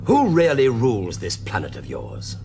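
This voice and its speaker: An actor playing a sharp, defiant male time-traveling hero in a 1970s TV drama, questioning in a probing, cutting way. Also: mid-range voice, wildly swooping pitch, normal speed, soft background music.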